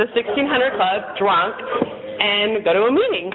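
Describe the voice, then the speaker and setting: A woman's voice: mid-range voice, lively intonation, fairly quick, a crowd in the background. A woman in her thirties giving a frank, rambling personal testimony to a group in a meeting room, often laughing at herself. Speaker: speaker sharing at a recovery meeting. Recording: tinny phone-like recording, faint noise.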